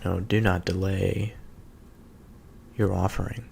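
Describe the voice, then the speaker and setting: Deep gravelly guy slowly thinking out loud about scripture, lots of pauses and uhs. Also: little pitch movement, a little hiss or hum. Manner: slow, halting, with many pauses and fillers. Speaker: solo speaker reflecting on scripture. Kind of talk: contemplative scripture reading and reflection.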